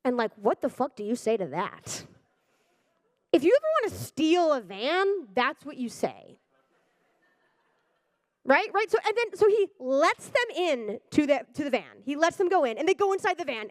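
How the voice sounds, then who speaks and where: A woman doing a stand-up comedy set on stage, animated and swearing, often breaking into loud acted-out voices. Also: sits high, moderate pace, no room sound, clean studio sound. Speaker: stand-up comic. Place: stage before a live audience.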